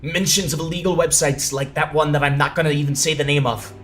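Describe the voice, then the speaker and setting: A man's voice: on the high side, fairly even intonation, quick pace, fairly bright tone, faint music behind. Profane sarcastic young man commenting. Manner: sarcastic, profane, often laughing. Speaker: commentary video host. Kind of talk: casual reaction commentary.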